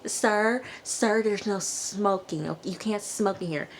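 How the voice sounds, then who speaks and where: A woman's voice: mid-range voice, slow, slight background noise, pitched above the performer's own voice, lightly acted. A woman voicing an insistent waiting-room staff woman who firmly and politely repeats herself.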